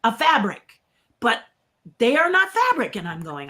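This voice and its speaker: An older woman, a puppeteer being interviewed, telling stories in a lively, casual way and acting out the dialogue. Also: a little high, unhurried. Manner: lively storyteller who acts out quoted dialogue. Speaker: guest puppeteer.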